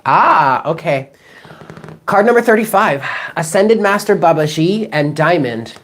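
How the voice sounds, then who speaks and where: Low-voiced chatty woman in her thirties. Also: expressive, a little slow. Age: 30s. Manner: rambling, chatty, swears casually, reads out chat comments. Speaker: tarot reader. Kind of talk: casual live-stream chat.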